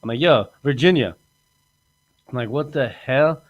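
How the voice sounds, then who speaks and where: A man's voice: mid-range voice, lively intonation, unhurried, dry recording, lo-fi sound. Man, podcast host, boastful storyteller, acts out quotes, laughs a lot. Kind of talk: comedic storytelling chat.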